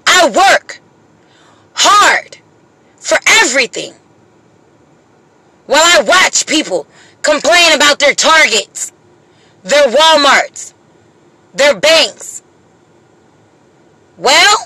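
Impassioned high-voiced woman, slow and bright. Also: no echo, poor audio. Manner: impassioned, pleading, profane, slow deliberate emphasis. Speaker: single mother. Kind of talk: emotional monologue to camera.

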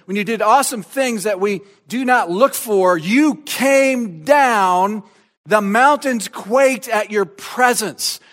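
A man preaching a sermon, reading scripture aloud with emphasis and swinging from soft, slow passages to loud, shouted proclamation. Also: high-pitched.

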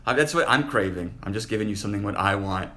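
A man's voice: on the low side, lively intonation, fast, sharp tone. A man hosting a podcast, talking in a crude and blunt way, rambling and swearing freely. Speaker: podcast host. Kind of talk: casual chat.

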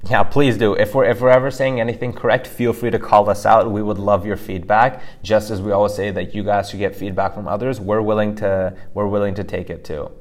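Low voiced guy co-hosting a lesson podcast, rambly, says you know a lot. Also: level tone, a little fast, few pauses. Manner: chatty, repeats himself, many fillers. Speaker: podcast co-host. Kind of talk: casual language lesson podcast.

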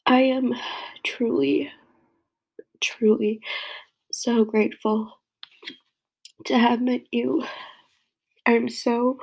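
A woman's voice: a little high, creaky, darkish tone, slightly rough. A young woman crying as she gives a rambling, heartfelt tribute to a friend. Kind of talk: emotional personal tribute.

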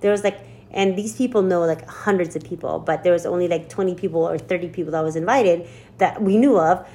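A woman's voice: on the low side, fairly quick, warm tone, a little hiss or hum. A woman co-hosting a podcast in casual chat, telling an upbeat story that rambles and often restarts. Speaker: podcast co-host.

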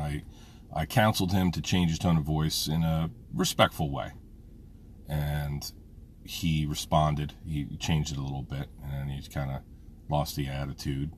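Very deep-voiced man rambling frankly. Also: a little hiss or hum. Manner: rambling, frank, swears freely. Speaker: vlogger, father. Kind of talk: casual personal monologue.

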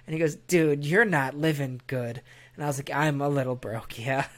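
A man's voice: on the high side, fairly even intonation, normal speed, a bit bright. A man in casual banter, ranting emphatically with heavy swearing.

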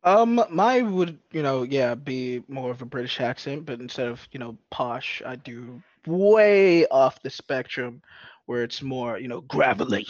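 A man's voice: medium pitch, expressive, unhurried, no echo. A laid-back man chatting casually about playing tabletop games, often dropping "man" and "you know". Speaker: tabletop roleplaying player. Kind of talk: casual podcast chat. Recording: dull, dry lo-fi recording.

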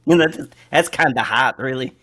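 A man's voice: medium pitch, moderate pace, sharp tone. A man playing at a tabletop game, describing his character casually with many fillers. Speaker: player.

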